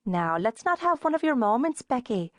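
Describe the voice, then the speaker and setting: A woman's voice: a little high, sing-song, normal speed, no echo, pitched above the performer's own voice. A woman narrator voicing an unflappable woman friend on the phone who talks in a teasing, matter-of-fact way. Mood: breezy.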